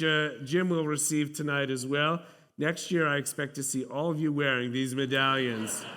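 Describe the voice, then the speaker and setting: High-voiced rabbi telling a story. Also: male voice, sharp tone. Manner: storytelling, anecdotal, with pauses. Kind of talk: warm-hearted synagogue talk. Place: synagogue sanctuary.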